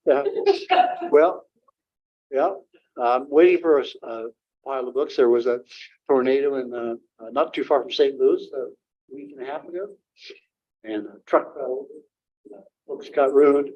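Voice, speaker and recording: An older man, a guest author, talking informally to an audience and taking questions, halting with many fillers and restarts. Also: medium pitch. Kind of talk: informal talk and Q&A. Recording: dull lo-fi room recording.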